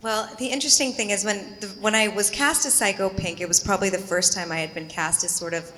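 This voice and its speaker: A woman on a convention panel speaking in a thoughtful, halting way with many fillers. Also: medium pitch, steady tone, bright, forceful tone, slight background noise. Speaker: panel guest. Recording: echoey convention hall.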